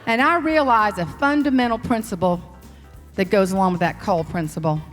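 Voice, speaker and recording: A woman with a Southern US accent, a motivational speaker telling folksy, animated stories in a humorous keynote. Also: mid-range voice, fairly quick, long reverb tail, faint music behind. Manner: animated, folksy, slips into character voices. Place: large hall on stage.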